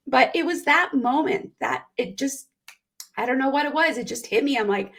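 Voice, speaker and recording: A woman guest on an interview show, a performance coach telling heartfelt stories in an animated way and often clearing her throat. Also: sits high, measured pace, long pauses. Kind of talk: conversational interview.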